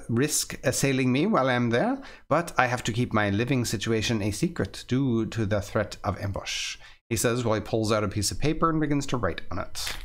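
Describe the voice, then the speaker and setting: A man reading a visual novel aloud, voicing its characters and stumbling over names with asides. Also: mid-range voice. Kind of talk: reading game text aloud with voiced characters.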